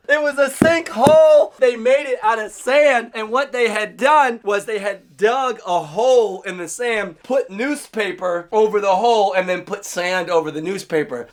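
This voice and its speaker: A man spins a childhood story in loose, cursing vlog talk, voice sitting a little high for a man. He jumps between hushed, low asides and sudden yelps as he acts the scenes out. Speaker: vlogger telling a childhood story. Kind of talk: casual storytelling.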